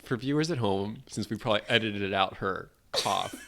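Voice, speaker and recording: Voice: medium pitch, normal speed, a bit bright, soft background music. A podcast co-host who recaps the plot in casual chat, laughing often and readily agreeing. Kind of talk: casual film discussion.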